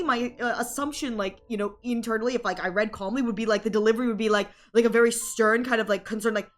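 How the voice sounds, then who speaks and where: A woman's voice: a little high, fairly bright tone. A woman streamer chatting casually with her viewers, rambling with lots of fillers and frequent giggles. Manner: rambling, heavy "like" and "you know" fillers, giggly. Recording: faint music in the background.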